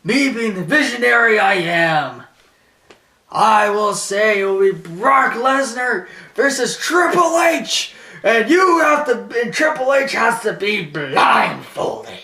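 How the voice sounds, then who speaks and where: A man doing a smug wrestling manager who stretches every sly word out and pitches his voice up. He sounds bright and a little distant, with a roomy echo as a vlogger acts him out. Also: big pitch swings, slow, heavily acted. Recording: roomy echo, set back from mic.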